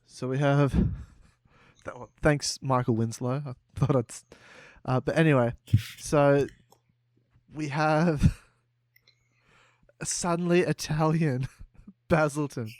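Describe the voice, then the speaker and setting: Man, podcast co-host, slow pace, fairly high pitch, giggly, dry close recording. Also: fairly even intonation, darkish tone, no room sound. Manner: slow, giggly, building the story step by step. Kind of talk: improvised comic storytelling.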